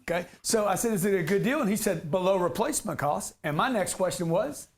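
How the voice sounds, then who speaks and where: A man's voice: high-pitched, lively intonation, brisk. A man giving a live real estate seminar to an audience, brash and slangy, cracking jokes as he teaches.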